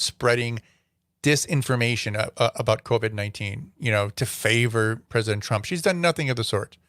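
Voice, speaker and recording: A man's voice: mid-range voice, a bit bright, no echo, studio quality. A man hosting a solo commentary show, giving opinionated, rambling takes with frequent fillers. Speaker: host.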